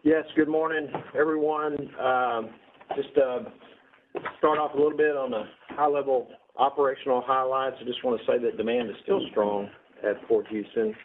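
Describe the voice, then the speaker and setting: A man presenting a business report at a meeting, steady and businesslike. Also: medium pitch, normal speed, background noise. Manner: steady, businesslike, figure-heavy. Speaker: port executive giving a report. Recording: tinny phone-like broadcast audio.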